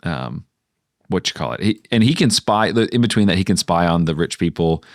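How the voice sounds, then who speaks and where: A man with a low voice pitches story ideas in relaxed podcast banter. His sound is close and dry, with no room around it. He hesitates often and fills gaps with fillers. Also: a little fast, vocal fry, no echo. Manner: hesitant, many fillers, jumps into high-pitched character voices. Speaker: podcast co-host. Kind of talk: casual brainstorming chat.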